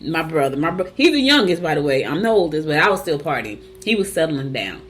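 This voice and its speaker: A woman's voice: low voice, very animated, fast, fairly bright tone, faint music behind. A woman hosting a morning show, telling stories in a chatty, casual way with asides to her listeners and reading horoscopes.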